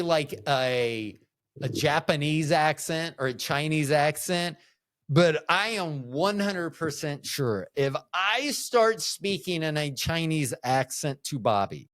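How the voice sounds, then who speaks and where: A man's voice: fairly high pitch, a little slow, a bit bright, dry recording, soft background music. A man hosting a solo podcast, rambling through jokey asides with frequent restarts. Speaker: podcast host.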